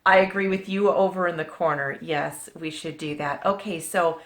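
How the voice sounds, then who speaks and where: Low-voiced chatty woman vlogger. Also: fairly even intonation, normal speed. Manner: chatty, jokey, talks to the camera and her cats. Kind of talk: casual chat. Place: family room at home. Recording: echoey room, faint noise.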